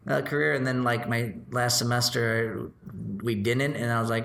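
A man's voice: medium pitch, flat delivery, moderate pace, creaky, few pauses, fairly bright tone. A man from Chicago, in his thirties, talking through his career in a loose, filler-heavy way as an interview guest. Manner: rambling, filler-heavy, self-deprecating. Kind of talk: casual interview chat. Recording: roomy echo, faint background noise.

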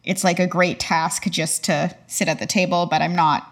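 A woman's voice: on the low side, flat delivery, normal speed. A woman playing a tabletop role-playing game, speaking hesitantly with many fillers. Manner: hesitant, soft-spoken. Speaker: player. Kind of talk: casual chat as a tabletop player.

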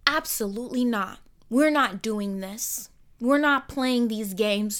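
A young woman holds forth alone on her podcast, blunt and fired up and unafraid to swear. Her voice sits a little high, and she swings from near-murmurs to loud outbursts. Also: unhurried. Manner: blunt, heated and profane, swinging between soft and loud. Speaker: podcast host. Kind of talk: emotional solo podcast monologue.

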